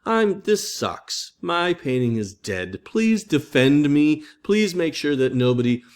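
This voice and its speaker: A man voicing a grumpy old male painter who whines about being stuck on scaffolding, in a high, drawn-out voice. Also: sing-song. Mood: whining.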